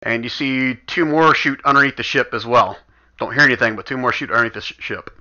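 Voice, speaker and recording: Bright-voiced man running a game. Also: mid-range voice, fast talker. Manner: casual, thinks aloud while moving map tokens. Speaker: game master. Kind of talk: running a tabletop game over voice chat. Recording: dull lo-fi voice chat audio.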